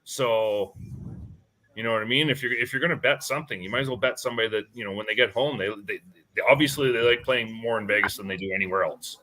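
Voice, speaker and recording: A man's voice: mid-range voice, quick pace. A man hosting a live sports betting stream, chatting casually with energy and reading viewer comments aloud. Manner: energetic, reads chat aloud, fillers like "right?". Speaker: betting show host.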